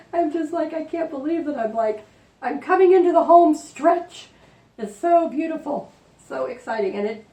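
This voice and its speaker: A woman vlogging a quilting tutorial at home, rambling and excitable with lots of fillers. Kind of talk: casual chatty craft tutorial. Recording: roomy, distant mic, faint rumble.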